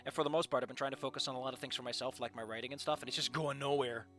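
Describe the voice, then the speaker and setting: A man reading fan fiction aloud and breaking off into excitable, jokey asides and rants. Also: medium pitch, racing, faint music behind. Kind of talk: casual live commentary.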